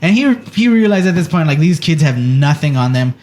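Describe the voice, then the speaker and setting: Man, podcast co-host, casual storytelling, animated, acts out quotes. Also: on the high side, fairly quick, a little hiss or hum.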